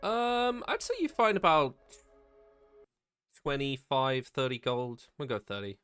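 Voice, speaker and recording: A man's voice: mid-range voice, sing-song, measured pace, a bit bright, clear, resonant tone, soft background music. Hesitant man running a tabletop game. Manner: hesitant, many ums, laughs often. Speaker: dungeon master.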